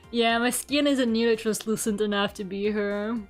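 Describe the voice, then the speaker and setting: A woman's voice: a little high, flat delivery, a little slow, faint music behind. A woman streamer chatting casually while she draws, rambling with lots of "like" and frequent giggles. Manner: rambling, heavy use of "like", giggly. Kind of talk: casual chat while drawing.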